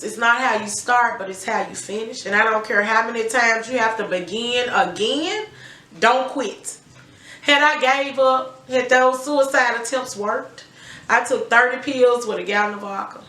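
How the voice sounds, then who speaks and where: A woman's voice: a little high, sharp tone, a little hiss or hum. A middle-aged woman giving an emphatic, candid personal testimony about her life, swearing freely. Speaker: guest telling her life story. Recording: roomy echo.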